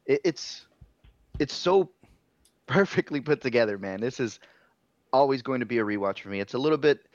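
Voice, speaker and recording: A man's voice: mid-range voice, animated, moderate pace, dry recording, muffled recording. A man co-hosting a podcast, gushing about a movie he loves, emphatic and swearing in casual chat. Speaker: podcast co-host.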